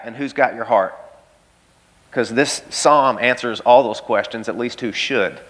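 A man's voice: fairly high pitch, fairly bright tone. A pastor preaching an emphatic sermon in a church, repeating key phrases and speaking straight to his listeners.

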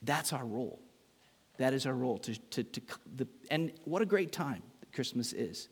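A man's voice: medium pitch, moderate pace, slightly rough. A middle-aged man preaching a sermon as pastor, telling a story with humor and acting out voices. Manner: animated, acts out voices in his story, self-mocking humor. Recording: long hall reverb.

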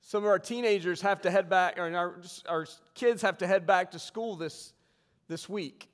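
In a reverberant church sanctuary, a male pastor with a slightly higher voice delivers a relaxed, humorous sermon. His preaching feels conversational, and he slows down to read scripture with emphasis.

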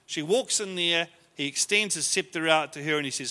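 A man's voice: fairly high pitch, brisk, few pauses, pushed and bright, in a large hall. A man teaching a leadership class to a group in a conversational way, often acting out the lines he quotes.

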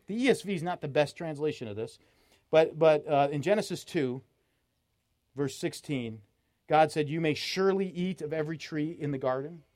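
A man preaching a sermon at a festival, animated and teasing, acting out quotes with a raised voice. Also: a little high.

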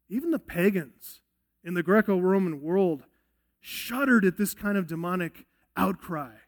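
A man with a notably high-pitched voice preaches to his congregation from a church sanctuary. His delivery is earnest and emphatic, and he keeps the room with him through rhetorical questions. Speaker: pastor. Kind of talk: expository sermon.

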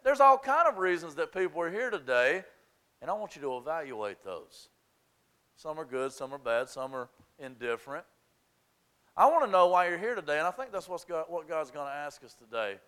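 Bright-voiced Southern man preaching. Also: high-pitched, lively intonation, a little fast. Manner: hushed prayer building to impassioned preaching; repetitive restarts when worked up. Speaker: pastor. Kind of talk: sermon.

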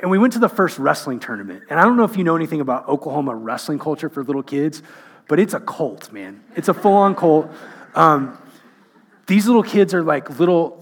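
A middle-aged male pastor with a husky, slightly raspy voice sitting a bit high for a man. He preaches through humorous, self-mocking stories and then turns earnest. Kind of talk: sermon.

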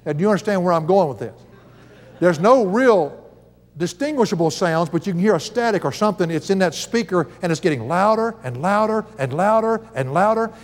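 Older man, folksy preacher, higher voice, long reverb around him. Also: lively intonation, a little fast. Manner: folksy, chuckling storyteller. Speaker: Bible teacher. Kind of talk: sermon with personal stories.

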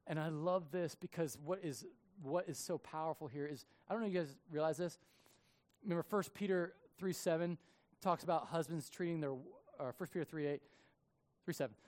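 A man preaching a sermon as a pastor, telling stories with lively acted-out quotes. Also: fairly high pitch. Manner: animated storytelling with acted quotes.

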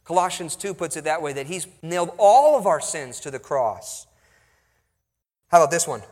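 This pastor's expository preaching has a sing-song, slightly mellow quality as he reads scripture, explains it and pauses for emphasis. His voice is a little high for a man, echoing with long reverb as though in a large hall.

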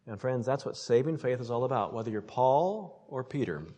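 Man preaching a lively sermon. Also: normal speed. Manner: animated preaching, swinging between loud emphasis and soft low asides; addresses the congregation with rhetorical questions. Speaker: pastor.

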